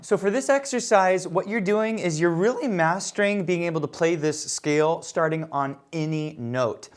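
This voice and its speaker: A man's voice: fairly high pitch, moderate pace. Encouraging male piano teacher. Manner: encouraging, counts beats aloud while playing. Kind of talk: online piano lesson. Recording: piano playing under the voice.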